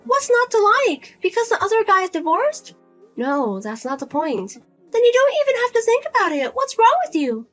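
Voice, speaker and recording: A woman's voice: very high-pitched, big pitch swings, normal speed, fairly bright tone, soft background music, exaggerated voice. A woman voicing a pushy middle-aged mother who nags and guilt-trips her grown daughter. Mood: nagging, whiny. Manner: nagging, pleading, guilt-tripping.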